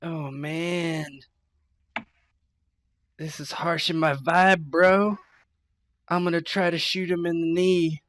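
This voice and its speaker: A laid-back stoner gunslinger woman, as a man puts her on for an online tabletop game. Her voice rides noticeably higher than his own, loose and drawling, full of easygoing slang. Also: flat delivery, slow, pauses often, a bit bright, dry recording, clean studio sound. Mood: mellow.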